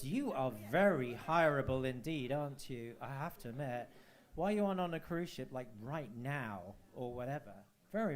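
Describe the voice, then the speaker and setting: A man hosting a live cabaret showcase, chatting and teasing the crowd with camp banter. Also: on the high side. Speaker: host. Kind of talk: cabaret compering.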